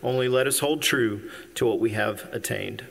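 A pastor preaching a sermon, earnest and emphatic, with occasional ums and uhs. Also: male voice, medium pitch, moderate pace, gravelly, fairly bright tone. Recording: long hall reverb.

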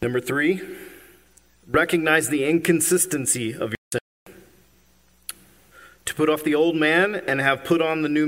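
A pastor preaching a sermon, earnest and emphatic, with occasional ums and uhs. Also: male voice, medium pitch, fairly bright tone. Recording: long hall reverb.

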